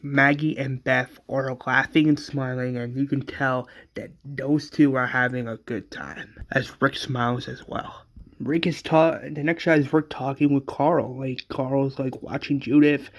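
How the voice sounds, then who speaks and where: Brief: male fan storyteller, slow, halting, full of restarts. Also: mid-range voice, fairly even intonation. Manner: hesitant, frequent fillers and restarts. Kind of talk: casual retelling of a fan story.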